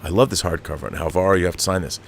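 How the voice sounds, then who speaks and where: A middle-aged man hosting a casual live stream, reading viewer comments aloud and reacting in an animated way with frequent restarts, laughs and swearing when annoyed. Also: low voice, very fast, gravelly, a little hiss or hum. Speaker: show host reading viewer chats.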